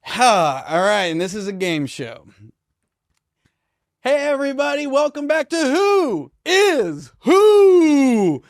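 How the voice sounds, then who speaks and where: A man's voice: very animated, no room sound, clean studio sound, exaggerated voice. A man playing a cheesy, hyped-up game show host in an improv comedy sketch, stretching his words like an announcer. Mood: showy. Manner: announcer-style, drawn-out and booming.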